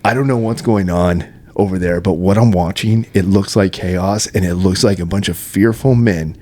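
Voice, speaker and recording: A man's voice: sits low, normal speed, a little mellow. A man as a podcast guest, talking intensely and emphatically in a casual conversation.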